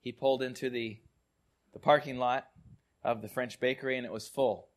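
A male pastor preaching a sermon and telling stories, often repeating words and dropping to quiet, soft tones. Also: medium pitch, fairly even intonation, normal speed.

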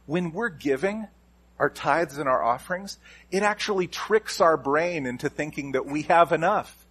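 Husky-voiced man preaching a sermon. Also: high-pitched, a bit bright. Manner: emphatic, repeats key phrases with shifting stress. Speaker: pastor.

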